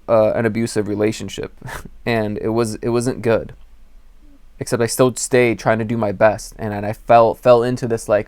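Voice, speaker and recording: A man's voice: medium pitch, clear, resonant tone, no echo, studio quality. A young man talking earnestly to camera, giving personal advice in a rambling way with acted-out quotes. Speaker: spiritual advice channel host. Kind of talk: candid personal talk to camera.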